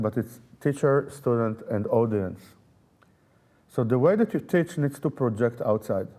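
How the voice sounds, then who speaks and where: A man's voice: mid-range voice, dark tone. A man, a festival artistic director and pianist, answering interview questions thoughtfully, with frequent fillers and repeated words.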